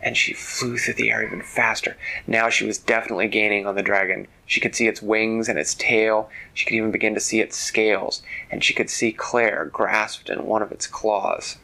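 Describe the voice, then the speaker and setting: A man narrating a children's bedtime story in a gentle, unhurried way. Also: on the low side, flat delivery, creaky, rough recording.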